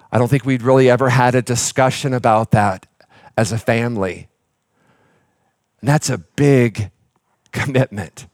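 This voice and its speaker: Pastor telling a family story, dry close sound. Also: male voice, medium pitch, no room sound. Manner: personal storytelling with fillers and restarts. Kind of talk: sermon.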